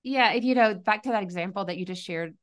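A woman's voice: medium pitch, fast talker. A middle-aged woman speaking as a podcast guest, earnest and reflective, often restarting her sentences. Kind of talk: conversational interview.

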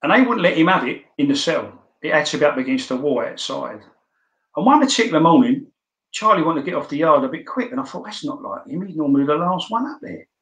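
A man's voice: on the high side, animated, quick pace, a bit bright. Blunt, swearing man in an echoey room. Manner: blunt, swears freely, stammers on restarts. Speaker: interview guest. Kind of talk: casual storytelling.

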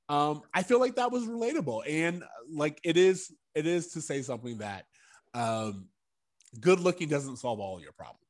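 A man's voice: a little high, expressive, moderate pace. A young adult man co-hosting a podcast, casual and wry, laughing often. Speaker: podcast co-host. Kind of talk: casual rewatch podcast chat.

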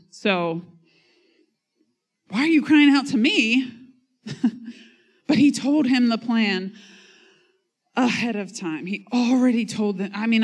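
A woman's voice: medium pitch, a bit bright. A woman pastor delivers a sermon in a mid-range voice. She reads scripture and talks about it in a casual, conversational way, with self-mocking humor. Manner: reads scripture and acts out quotes.

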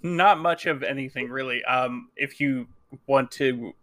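A man co-hosting a casual gaming podcast, chatting in a relaxed, easygoing way. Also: medium pitch, a little slow. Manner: relaxed, easygoing, laughs along. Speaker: podcast co-host.

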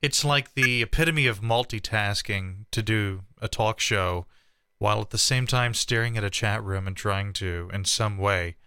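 Bright, crisp-voiced male podcast host. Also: fairly low pitch, normal speed, no echo, clean studio sound. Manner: joking, mildly exasperated, chatty. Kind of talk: casual podcast chat.

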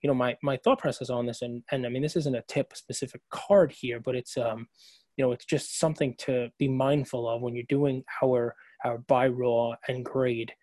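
A man's voice: mid-range voice, steady tone, moderate pace, darkish tone, no room sound. A man co-hosting a podcast, telling a long story in casual chat, full of fillers and restarts. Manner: rambling, filler-heavy storytelling. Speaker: podcast co-host.

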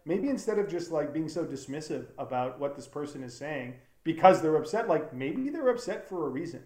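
A man's voice: a little high, expressive, a little fast, darkish tone. A man who makes documentaries, talking in a casual interview. He rambles earnestly and fills his speech with fillers and restarts. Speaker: documentary filmmaker. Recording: roomy echo.

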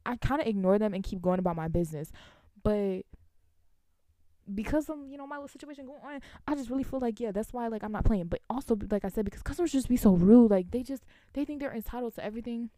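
A young woman, a college student, venting to her viewers in casual storytime chat, animated and laughing between lines. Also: a little high, quick pace, no echo, clean studio sound. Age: young adult.

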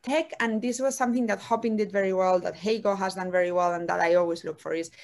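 A woman with a Spanish accent speaks in an animated, effusive way. She is a guest on a casual interview over a video call. Her voice sits at a middle pitch for a woman. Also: fast, gravelly. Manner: animated, effusive, acts out little dialogues. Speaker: venture capital investor, guest. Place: calling in from home.

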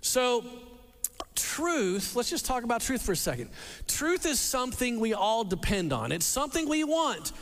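A man preaching a sermon to a congregation, animated and repeating words as he restarts and acts out quotes. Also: extremely high pitch, normal speed. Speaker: pastor. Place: church hall with a congregation. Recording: long reverb of a large hall.

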